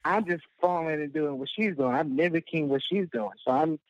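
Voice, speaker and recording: A man's voice: a little high, a little fast, no room sound. A man telling a long, rambling personal story as a guest, full of fillers and laughing at himself. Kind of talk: casual storytelling. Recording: dull lo-fi dry sound.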